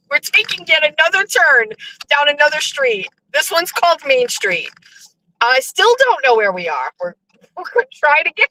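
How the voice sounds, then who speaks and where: Excitable woman in her fifties, bright voice. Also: sits high, a little fast, rough recording. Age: 50s. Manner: excitable, swears freely, laughs often. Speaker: vlogger. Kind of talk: casual chat. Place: riding in a vehicle.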